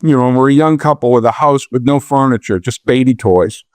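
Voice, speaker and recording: A man's voice: medium pitch, brisk, no room sound. Middle-aged male guest, conversational storyteller, plays out the dialogue himself, dry studio sound. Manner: animated storyteller, acts out dialogue with a raised voice, many restarts. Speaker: podcast guest, real estate investor. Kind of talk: storytelling in a podcast interview.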